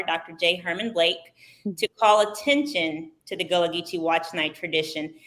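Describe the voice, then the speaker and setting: A woman with a lowish, very bright and forceful voice answers an interviewer's questions. She speaks in an articulate, measured and formal manner. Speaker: executive director, guest essayist.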